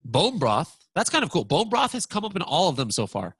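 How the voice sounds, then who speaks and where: A man presenting a software walkthrough lesson, talking excitedly and stammering when surprised. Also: on the high side, a little fast, breathy edge, no room sound.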